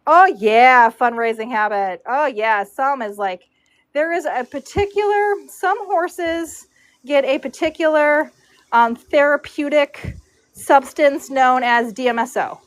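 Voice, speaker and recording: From a stall in a horse show barn, a woman in her forties who braids horses talks casually on a livestream, answering viewers and cooing to her dog. She speaks slowly in a high voice, and the recording is dry.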